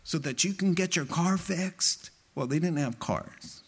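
Slow-talking preacher guy with a lilt, pitch a bit high, gets fired up on the quotes. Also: breathy edge. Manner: impassioned, rising to high emphatic quotes. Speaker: pastor. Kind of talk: sermon.

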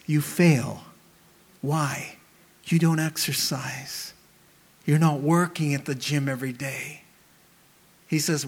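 A man preaching a sermon as pastor, animated and emphatic, asking his listeners rhetorical questions. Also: on the high side.

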